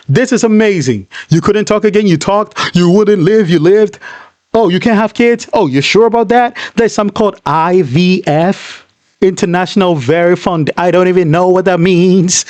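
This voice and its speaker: A man's voice: high voice, normal speed, darkish tone, no echo. A man hosting a reaction channel, talking back at a story video with effusive praise and blunt insults. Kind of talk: emotional reaction commentary.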